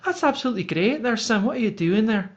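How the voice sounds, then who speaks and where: A spirited fourteen-year-old girl with a loose Scottish lilt, as a man puts her on. The voice sits far above his own and sounds bright and sing-song, a storybook heroine. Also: sits high, expressive, fast talker, lo-fi sound, pitched above the performer's own voice. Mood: cheery. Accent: loose Scottish, put on.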